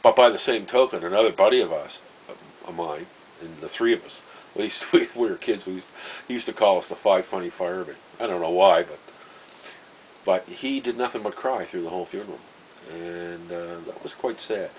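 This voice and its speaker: Middle-aged man, low voice, rambling storyteller who laughs at himself, faint hiss under the recording. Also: brisk, darkish tone, low-quality recording. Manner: rambling, self-interrupting, chuckling at his own stories. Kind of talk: casual storytelling monologue.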